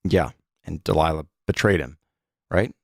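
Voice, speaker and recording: A man with a fairly low voice reads through a list of stories for a casual podcast. He halts, restarts and fills gaps with little sounds. The recording is close and dry, with no room around it. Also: vocal fry, no room sound. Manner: halting, reads aloud with many fillers and restarts. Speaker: podcast co-host. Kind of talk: casual chat, reading a list aloud.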